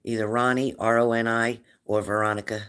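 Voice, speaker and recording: A woman's voice: very deep voice, flat delivery, brisk, a bit bright, smooth. Older woman, psychic reader hosting a live stream; casual, emotional, scattered, chatty with viewers.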